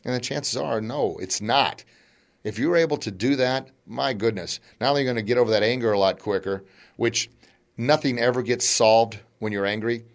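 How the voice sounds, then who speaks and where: A middle-aged man hosting a motivational podcast, talking in an animated, chatty way and laughing between points. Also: medium pitch, normal speed. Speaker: podcast host.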